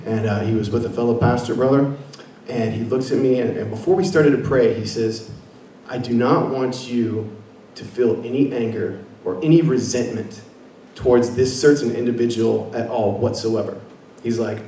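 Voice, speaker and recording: A man's voice: medium pitch, normal speed, dark tone, recorded from a distance. Earnest young man telling a faith story. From Washington State. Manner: earnest, many fillers and restarts. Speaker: guest speaker. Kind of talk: personal faith testimony at an event. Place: meeting room with an audience. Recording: echoey room, picked up from afar, faint noise.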